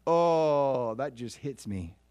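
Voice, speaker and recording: Here a male pastor preaches in a mid-range voice at normal speed, with no echo. Animated throughout, he questions his listeners and waits for responses, and he performs scripture passages with growing emotion.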